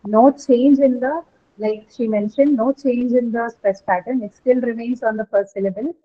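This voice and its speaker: A woman's voice: on the high side, fairly even intonation, moderate pace. A woman with an Indian English accent teaching an online class, explaining step by step and checking understanding. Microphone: video call. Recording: tinny phone-like line.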